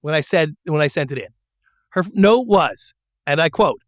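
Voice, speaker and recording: Animated middle-aged man telling stories. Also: a little high, moderate pace, no room sound, clean studio sound. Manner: animated storyteller who acts out quotes. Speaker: guest, former TV producer. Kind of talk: storytelling interview.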